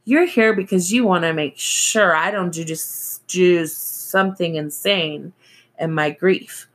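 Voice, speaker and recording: A woman's voice: fairly low pitch, takes it slowly. Woman voicing a tipsy, bitter grieving woman. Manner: slurred, drawling.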